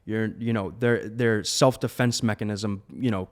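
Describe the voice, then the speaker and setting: A man's voice: lowish voice, fairly even intonation, moderate pace. A man co-hosting a casual roundtable chat, agreeable and peppering his talk with "you know". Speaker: podcast co-host.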